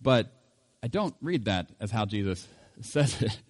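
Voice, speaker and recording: A man's voice: lowish voice, lively intonation, a little slow. A middle-aged man giving an informal Bible teaching in a conversational way, with chuckles and fillers.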